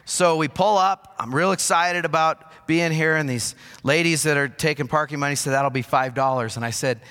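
A man preaching to his congregation, his voice bright and forward. He tells stories from his own life with easy, self-deprecating humor. His words ring out with the long reverb of a large hall. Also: fairly high pitch, normal speed, few pauses, clear, resonant tone. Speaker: pastor. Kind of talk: sermon. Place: church sanctuary.

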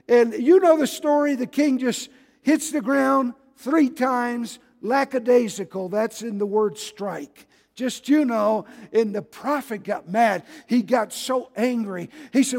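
Male preacher, high-pitched, folksy and shouting, in a reverberant church hall. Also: slow, vocal fry. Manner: folksy, rises to shouting, calls for amens. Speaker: pastor. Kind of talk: sermon. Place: church sanctuary.

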